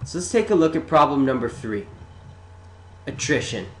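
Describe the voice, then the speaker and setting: A man narrating a sales pitch in a chatty, sarcastic way, talking straight to the listener. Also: very animated, moderate pace, slight background noise. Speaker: marketing presenter. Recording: roomy echo.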